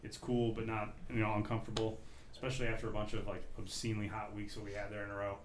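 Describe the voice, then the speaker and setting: A man on a casual podcast reviews a beer with animated enthusiasm, picking up speed as he gets excited. His voice is low and echoes around the room. Faint ambient noise sits behind him. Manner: animated, talks faster when excited. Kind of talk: casual chat.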